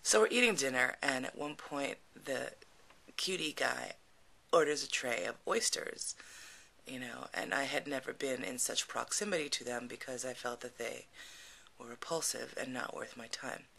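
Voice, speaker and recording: A woman's voice: extremely low pitch, normal speed, gravelly, pushed and bright. A woman telling a frank personal story in a casual, chatty way, laughing often and full of fillers. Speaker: podcast storyteller.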